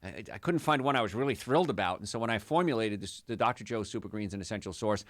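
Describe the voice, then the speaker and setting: A man's voice: lowish voice, lively intonation, quick pace, no echo, studio quality. A man hosting a call-in health radio show, chatty, upbeat and jokey, rambling from one point to the next. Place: radio studio.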